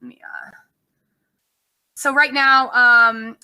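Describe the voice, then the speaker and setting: A woman lecturing a class in a loose, conversational way, often stopping for an um or an uh. Her voice is very bright and sits a little high. It is picked up from across a classroom. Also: fairly even intonation, slow pace, distant mic, rough recording. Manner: chatty, loose, with frequent ums and uhs. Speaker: instructor.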